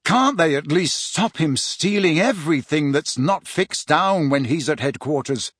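A man's voice: on the high side, lively intonation, unhurried, a bit bright, breathy edge, no room sound, studio quality, heavily acted. A man voicing an angry teenage boy wizard who snarls and demands, in an audiobook. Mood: furious. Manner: snarling, furious. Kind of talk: audiobook character voice.

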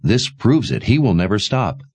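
A blunt, ruthless young warrior, played by a male narrator in a very deep voice. He presses his point with a lively, rising and falling delivery, recorded dry and close. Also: normal speed, slightly rough, no echo. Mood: urging. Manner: blunt and persuasive.

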